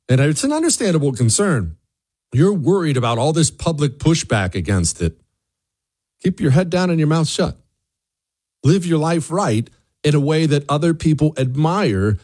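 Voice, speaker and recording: Animated man, dry close sound. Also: no room sound. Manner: animated, jumps into high mocking voices when quoting others; rhetorical questions, repeats words. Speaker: commentator. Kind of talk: opinion monologue.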